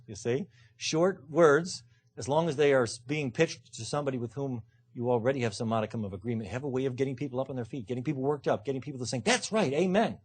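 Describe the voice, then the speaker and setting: A man's voice: mid-range voice, darkish tone, husky. A man, a law professor, lecturing to a live audience in a punchy, emphatic way with dry self-mocking humor. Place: lecture hall.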